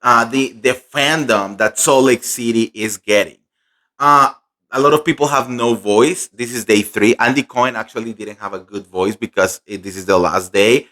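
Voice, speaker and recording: A young man recapping a fan convention in casual, gossipy chat, animated and full of fillers. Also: medium pitch, normal speed. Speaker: pop culture vlogger.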